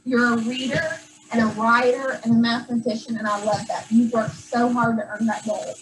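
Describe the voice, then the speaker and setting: High-pitched teacher lady doing class awards, kinda teary, camera way across the room. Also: steady tone, normal speed. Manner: affectionate, gets teary. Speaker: first grade teacher. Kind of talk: award ceremony speech to a class. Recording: distant camera, faint room noise.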